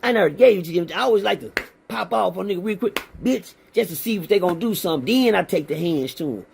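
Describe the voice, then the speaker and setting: A man's voice: high-pitched, lively intonation, fast, gravelly, noisy background. A man telling his prison stories in a blunt, profane, streetwise way, acting out the other men's lines as he goes. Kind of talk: profane storytelling in casual chat.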